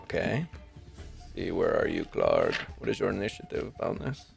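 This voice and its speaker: A man's voice: low-pitched, wildly swooping pitch, normal speed, vocal fry, music in the background. A man narrating as game master of a tabletop game, rambling with many ums and likes.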